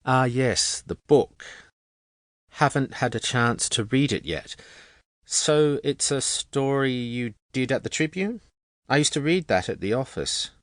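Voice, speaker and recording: A man's voice: mid-range voice, animated, a little slow, a bit bright, no echo, studio quality, voice pushed up. A man voicing a curious, sarcastic woman. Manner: inquisitive, dryly sarcastic. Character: curious, sarcastic young woman, a bit religious.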